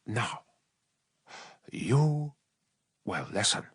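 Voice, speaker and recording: A man voicing a cold male warrior-psyker with a strange accent, speaking slowly, low and with quiet menace. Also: sing-song, husky, no echo, clean studio sound, full character voice.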